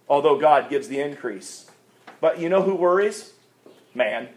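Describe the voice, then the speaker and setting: A male pastor preaching a sermon, asking rhetorical questions and swinging between loud, stressed lines and quiet asides. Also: on the high side, animated, a little slow.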